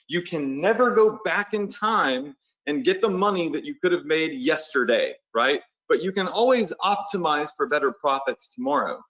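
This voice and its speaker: A man's voice: fairly high pitch, animated, normal speed, a bit bright, muffled recording. A man hosting a live webinar as an online business coach, talking in a casual, pushy, motivational way and often checking in with the audience.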